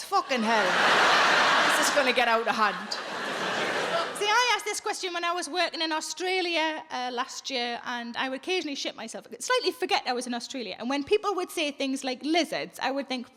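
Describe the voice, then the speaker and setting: A woman doing live stand-up comedy, telling sweary deadpan stories and bantering with the audience. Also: sits high, brisk. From England. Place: large theatre with live audience. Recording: live theatre recording with loud audience noise. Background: loud audience laughter.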